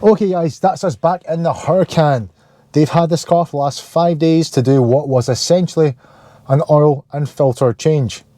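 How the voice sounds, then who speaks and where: A man's voice: a little high, moderate pace, mellow. A man with a Scottish accent in a casual car vlog to camera, talking in chatty, jokey rants while driving and visiting a dealership. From Scotland. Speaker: car vlogger.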